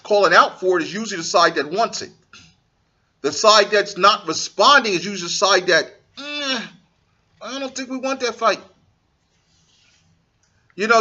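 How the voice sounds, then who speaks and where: A man's voice: high-pitched, bright, forceful tone, muffled recording. A man hosting a boxing talk show, giving blunt, profane opinions in a casual monologue and acting out what fighters say.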